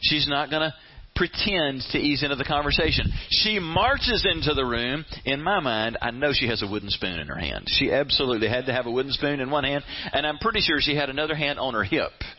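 A man preaching a sermon, retelling a story with animated flair and asking the audience questions directly. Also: medium pitch, fairly quick. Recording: dull lo-fi sound.

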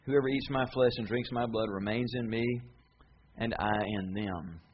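A man voicing Jesus as a stern teacher with an edge, slightly lower than his usual voice. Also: moderate pace, husky, dull audio. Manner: stern, firm.

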